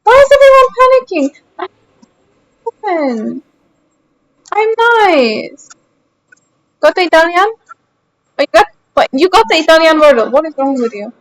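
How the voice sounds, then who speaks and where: A woman's voice: high voice, expressive, unhurried, pauses often, a bit bright, no echo, poor audio. A young woman streaming a game, chatting casually with her viewers in a teasing, mock-indignant way.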